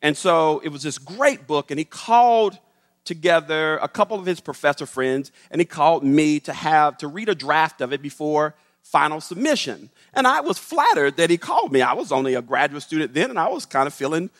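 A middle-aged man, a professor, telling a story to an audience in an animated way and acting out the voices. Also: a little high, brisk. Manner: animated, acts out the voices in his stories. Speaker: professor giving a talk. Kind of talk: storytelling public talk. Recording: long hall reverb.

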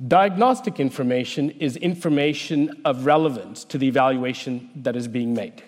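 A man, a researcher, giving a prepared talk in a measured, explanatory way. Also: medium pitch, darkish tone. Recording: long hall reverb.

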